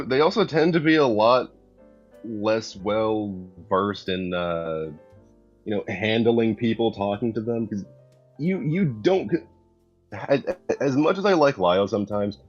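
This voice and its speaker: A man's voice: on the low side, expressive, a little slow. A man in casual chat on a commentary stream who often stops, restarts and searches for his words. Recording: dull lo-fi sound with faint music.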